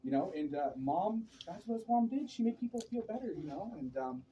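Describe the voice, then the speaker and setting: A man in his thirties telling lively, laughing stories about his late mother at a memorial gathering. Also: high-pitched, fairly quick, muffled recording. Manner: animated, laughing anecdotes. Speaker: eulogy speaker. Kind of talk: storytelling at a memorial. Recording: distant and noisy room recording.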